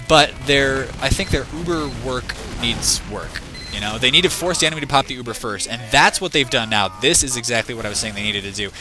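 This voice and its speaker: A man's voice: medium pitch, bright, forceful tone. A man commentating a competitive team shooter match live as caster, rambling and thinking aloud, with a voice worn thin from a long event. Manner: rambling, restless, thinks aloud, chides the camera. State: losing his voice. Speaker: esports shoutcaster.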